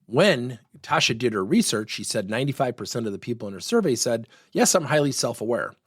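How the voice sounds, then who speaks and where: A middle-aged man giving a workplace coaching lesson, telling stories and acting out the dialogue with lively energy. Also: mid-range voice, a little fast, slightly rough, no room sound, clean studio sound. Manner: animated, acts out quoted dialogue.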